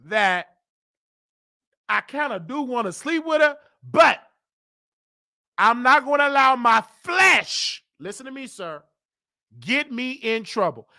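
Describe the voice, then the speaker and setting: A man with a Southern US accent hosting a comedic live-stream rant, loud and teasing, breaking into laughs and mock voices. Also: very high-pitched, vocal fry. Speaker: host.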